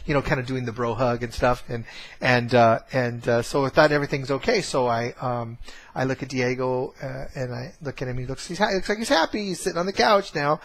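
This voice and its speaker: A man's voice: mid-range voice, a little fast. Man rambling through a family story. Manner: rambling, many fillers and restarts. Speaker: course trainer. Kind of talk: casual storytelling to camera.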